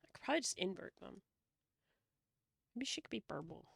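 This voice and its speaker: A woman's voice: medium pitch, expressive, fairly quick, gravelly, pauses often, fairly bright tone, dry recording, clean studio sound. A woman streamer chatting casually while she draws, playful and joking, laughing often.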